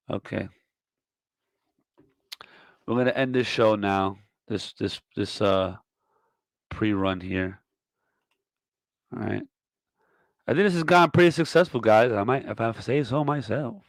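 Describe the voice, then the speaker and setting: A man hosting a comedy podcast, delivering a profane, mock-scolding tirade that swings from loud to muttered. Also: medium pitch, creaky, no echo. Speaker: podcast host. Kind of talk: comedic rant.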